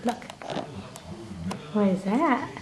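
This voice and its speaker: A woman filming her pet bird at home, coaxing and doting on it in soft baby talk. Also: a little high, animated, very slow. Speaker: pet owner. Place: home, indoors.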